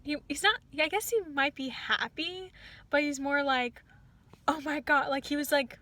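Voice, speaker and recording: Young woman, high bright voice, rambling storytime, lots of like and restarts. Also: normal speed. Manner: rambling, many "like"s and restarts, quotes others in lively bursts. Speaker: rideshare driver telling a story. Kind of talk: casual storytime.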